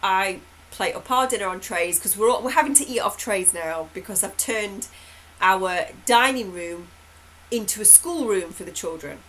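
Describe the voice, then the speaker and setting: A woman's voice: mid-range voice, lively intonation, moderate pace, a bit bright, rough recording. A woman, telling a rambling family anecdote in a chatty way, often laughing. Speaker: hypnotherapist host. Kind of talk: casual storytelling update.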